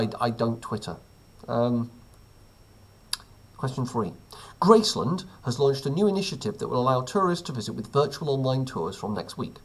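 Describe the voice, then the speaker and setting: A male teacher reads out a current-events quiz from home, tossing in wry, offhand jokes. His voice is slightly husky and swings up and down a lot as he talks. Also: medium pitch. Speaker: teacher running a weekly quiz. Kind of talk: casual quiz reading with asides.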